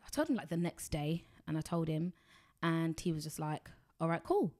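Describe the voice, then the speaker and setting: A woman's voice: deep voice, very animated, normal speed, warm tone. A woman, chatting frankly and bluntly as a podcast guest. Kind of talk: casual chat.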